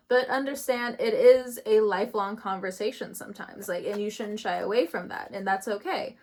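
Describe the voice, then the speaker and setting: A woman's voice: medium pitch, fairly even intonation, fairly quick, hardly any pauses. A woman doing a casual tarot reading. She talks in a chatty, loose way, laughs often and swears casually. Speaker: tarot reader.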